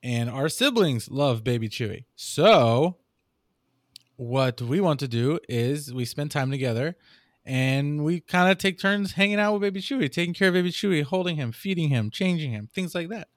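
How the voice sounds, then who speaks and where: A man's voice: fairly high pitch, expressive, moderate pace, no echo, clean studio sound. A man in casual conversation, patiently explaining his point step by step. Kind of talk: casual chat.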